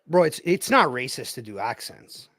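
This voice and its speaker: A man co-hosting a podcast in casual, animated chat, swearing a lot and calling the others bro. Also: medium pitch, moderate pace. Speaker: podcast co-host.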